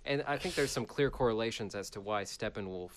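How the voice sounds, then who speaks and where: A man co-hosting a podcast in casual chat, laid-back and quick to laugh. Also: lowish voice, crowd noise. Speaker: podcast co-host.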